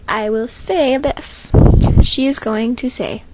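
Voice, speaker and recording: A woman's voice: a little high, slow pace, heavy background noise. A woman with a thin, slight voice, chatting casually and rambling as she explains a voice casting call. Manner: rambling and chatty, with many fillers and asides. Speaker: creator announcing a voice casting call.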